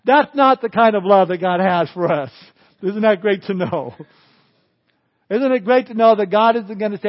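A man's voice: sits high, normal speed, lo-fi sound. A middle-aged man preaching a sermon, mixing scripture with folksy jokes and asides. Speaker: pastor.

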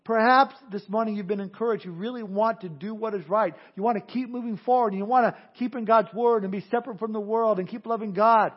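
High-voiced animated male pastor. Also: brisk, few pauses, highs cut off. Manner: animated, acts out crowd voices, drops to hushed earnest tones. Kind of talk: sermon.

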